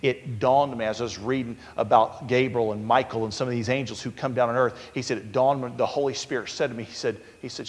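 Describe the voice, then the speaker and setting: Male pastor preaching, storytelling, goes loud then real quiet, long church reverb. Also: medium pitch, steady tone, quick pace, hardly any pauses. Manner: storytelling, swings from loud urgency to hushed near-whisper. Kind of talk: sermon.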